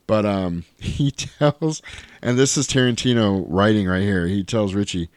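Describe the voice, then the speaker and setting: A man's voice: lowish voice, unhurried, clear, resonant tone, no room sound. A man in casual podcast chat, retelling a film scene by scene and acting out quoted lines. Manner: animated storyteller, acts out quoted lines. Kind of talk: casual movie recap chat.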